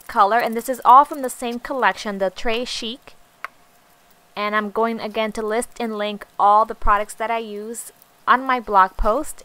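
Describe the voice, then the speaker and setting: A woman talks viewers through a crafting project in a relaxed voice-over. She sits at an even, middle pitch and fills her pauses with frequent ums. She sounds like a young adult explaining her steps. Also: poor audio. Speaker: crafting tutorial host. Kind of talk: narrated craft tutorial voice-over.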